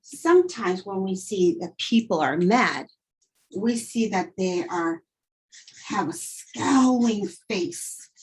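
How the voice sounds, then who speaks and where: Slow-talking husky woman teacher. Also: mid-range voice, expressive, poor audio. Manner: acts out emotions with dramatic quoted lines. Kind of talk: classroom vocabulary lesson.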